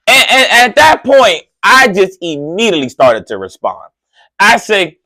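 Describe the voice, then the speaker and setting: An excitable male radio host telling a story, his voice sitting high and leaping all over the place. He talks in loose slang with lots of "right?" asides and gets louder as he gets worked up. The sound is close and dry. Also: a little slow, no room sound. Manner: excitable, swings loud and high when worked up. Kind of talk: animated storytelling monologue.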